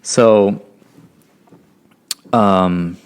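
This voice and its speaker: A man's voice: fairly low pitch, extremely slow, smooth. A young man from California telling a long story casually, rambling a bit and acting out the voices of the people in it. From California, USA. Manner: relaxed, rambling, acts out quoted voices. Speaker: podcast guest.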